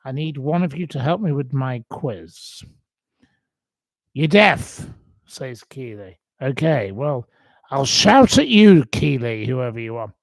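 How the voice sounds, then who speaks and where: This livestream host speaks slowly in a mid-range voice as he chats his way through a quiz, apologetic and occasionally cursing. He's using a computer webcam microphone, and the recording is dry.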